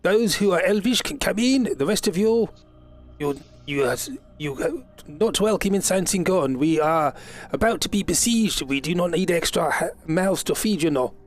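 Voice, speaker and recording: A man doing a haughty elf guard, high and scornful. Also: expressive, measured pace. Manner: dismissive, scornful. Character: haughty male elf gate guard, dismissive.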